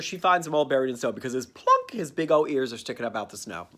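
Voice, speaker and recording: A man's voice: medium pitch, brisk, hardly any pauses. Campy sarcastic man recapping a cartoon. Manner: campy, sarcastic, lively voices for characters. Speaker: comedic reviewer. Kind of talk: comedic recap.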